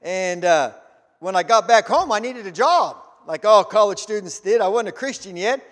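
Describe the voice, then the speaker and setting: A middle-aged man from Canada preaching a sermon, telling a personal story in an animated way that rises to shouts. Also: sits high, moderate pace. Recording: long hall reverb.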